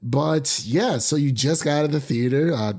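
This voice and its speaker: A man's voice: on the high side, normal speed, darkish tone. A young man hosting a film review podcast, chatting casually into his microphone, rambling with many fillers and restarts. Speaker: podcast host.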